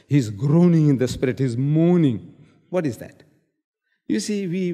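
A man's voice: on the high side, dark tone. A man making his case in a public debate, talking emphatically and driving his points home with repeated rhetorical questions. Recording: long reverb of a large hall.

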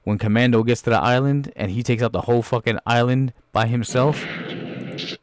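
A man hosting a podcast, reacting to a film trailer with crude, animated commentary and frequent laughter. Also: mid-range voice, normal speed, no echo, clean studio sound. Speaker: podcast host.

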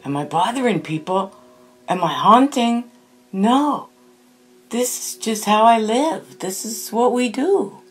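A rowdy, wisecracking male ghost, the life of the party, whose voice jumps up high and loud, as a woman channels him. He teases and jokes at full volume. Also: lively intonation, slow, slightly rough, faint music behind, full character voice. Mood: boisterous. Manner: joking, loud, teasing. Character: boisterous jovial male ghost of a house.

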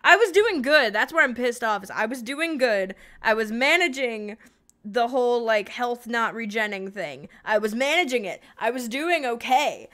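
Bright-voiced woman streamer, swearing. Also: a little high, expressive, moderate pace. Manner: frustrated, swearing, repeats herself. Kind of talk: live gameplay streaming.

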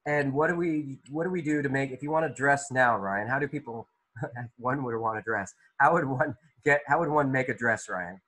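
A man's voice: mid-range voice, moderate pace, a bit bright, husky, poor audio. A male art teacher leading an online class discussion, asking students questions by name, with loose, restart-filled phrasing. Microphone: video call.

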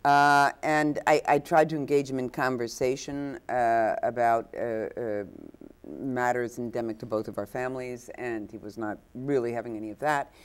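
Low-voiced woman telling stories. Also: fairly even intonation, normal speed, clean tone. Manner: hesitant, many fillers and restarts, acts out quotes. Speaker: guest actress. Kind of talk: anecdotal storytelling. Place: inn overlooking the ocean.

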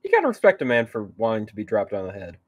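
Guy tossing quick hype quips into a podcast chat, dry mic. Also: fairly low pitch, no echo. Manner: short excited interjections. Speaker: podcast co-host. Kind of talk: casual chat.

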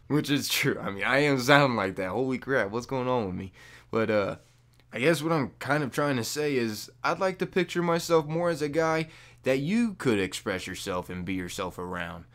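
A young man making a casual gaming vlog into a microphone, loose and jokey, with loud high-pitched bursts when he mocks people. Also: lively intonation, moderate pace. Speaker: gaming YouTuber. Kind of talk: casual talking-to-camera vlog. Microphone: desk microphone.

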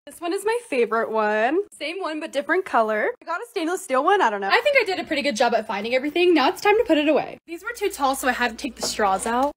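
A gushing woman narrates her casual vlog in a high, lively voice that swings up and down. There is a faint hiss of noise under her voice. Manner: excitable, gushing. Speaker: lifestyle creator.

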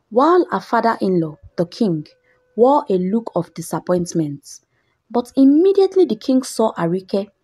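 Storyteller, female, warm and breathy tone, reads all the characters' parts herself. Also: mid-range voice. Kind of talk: scripted story narration.

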